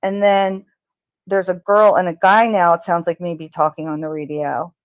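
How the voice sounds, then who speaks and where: A woman's voice: fairly low pitch, little pitch movement, moderate pace, no room sound. A woman narrating her analysis of crime-scene audio, speaking tentatively with fillers and speculation. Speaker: true crime commentator.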